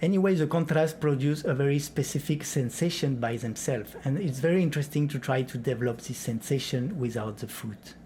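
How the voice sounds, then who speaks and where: A man's voice: medium pitch, brisk, hardly any pauses, warm tone, a little hiss or hum. A man teaching flamenco rhythm and clapping, explaining step by step and counting beats aloud.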